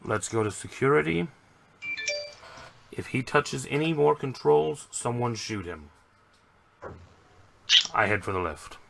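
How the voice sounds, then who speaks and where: A man playing a tabletop game, blunt and gruff when in character. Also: medium pitch, lively intonation, unhurried, long pauses, background noise. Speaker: player. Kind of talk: casual tabletop play.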